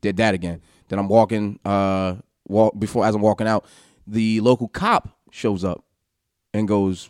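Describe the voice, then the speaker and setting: A man casually telling a story from his college days, animated, swearing and acting out what others said. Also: lowish voice, fairly quick, dry recording, clean studio sound. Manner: animated, laughing, swearing, acts out quotes.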